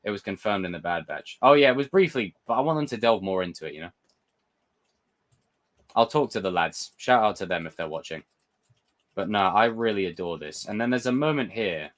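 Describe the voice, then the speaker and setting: A young man hosting a live chat, excitable and swearing, answering viewer comments. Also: fairly low pitch, fairly quick. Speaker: livestream host reviewing a TV episode. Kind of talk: casual live reaction chat.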